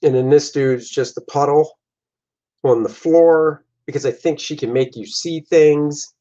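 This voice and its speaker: A man's voice: fairly high pitch, unhurried, mellow. Jokey man rambling about his art. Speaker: comic artist and host. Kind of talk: casual commentary on his own artwork. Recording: dull lo-fi recording.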